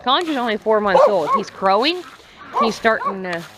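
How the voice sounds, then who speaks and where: With a sing-song lilt in a mid-range voice, the woman talks at a moderate pace while teasing her farm animals in playful baby talk. She is a farm vlogger outdoors among poultry, and the noisy recording carries clucking hens and crowing roosters.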